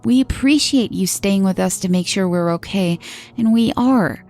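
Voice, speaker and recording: A woman's voice: mid-range voice, moderate pace, soft background music, lightly acted. A woman voicing a tearful grown daughter. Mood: gently pleading. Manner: pleading, soft and tearful. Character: grieving grown daughter, tearful but gentle.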